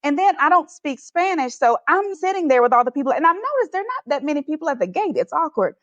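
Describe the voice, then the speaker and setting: Podcast guest: a high-pitched woman, animated and laughing as she tells her story, on a dull, dry recording. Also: quick pace, no echo. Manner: animated, laughs often while telling. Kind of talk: personal storytelling in an interview.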